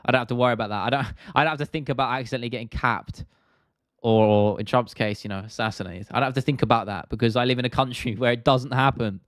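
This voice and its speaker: A man's voice: medium pitch, quick pace, dry recording, studio quality. A young British man hosting a live stream, chatting casually and answering viewer questions in a laid-back, rambling, slangy way.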